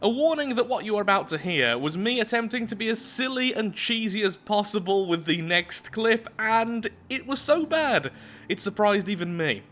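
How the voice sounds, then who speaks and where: A man's voice: sits high, animated, normal speed, a bit bright, soft background music. A man commenting casually on his own gameplay as he builds, thinking aloud in a chatty, self-mocking way. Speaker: let's play gameplay host.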